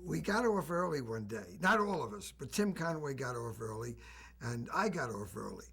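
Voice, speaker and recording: An older actor reminiscing in an interview, telling anecdotes with a raspy voice. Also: male voice, mid-range voice, expressive, normal speed. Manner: warm anecdotal storytelling with laughs. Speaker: actor recalling a film.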